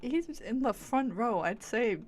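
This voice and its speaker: A woman's voice: fairly high pitch, lively intonation, unhurried, slight background noise. A woman streamer giving casual, playful commentary on a game, teasing and swearing.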